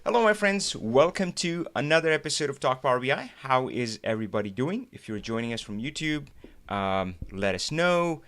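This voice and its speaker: A man hosts a live stream in a relaxed, chatty way and reads out viewers' greetings one by one. His voice sits at a middle pitch. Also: normal speed. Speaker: host. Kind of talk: casual livestream chat.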